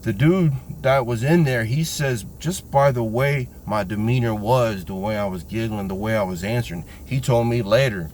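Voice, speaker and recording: Man, casual storytelling, animated, slangy, acts out the voices of others, faint background noise. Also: mid-range voice, moderate pace, few pauses. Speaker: vlogger telling a personal story.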